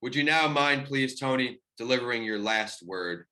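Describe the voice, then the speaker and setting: A man's voice: medium pitch, animated, normal speed, bright, forceful tone. A man hosting a podcast, politely thanking his guest and asking for a last word. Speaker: podcast host. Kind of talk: podcast interview.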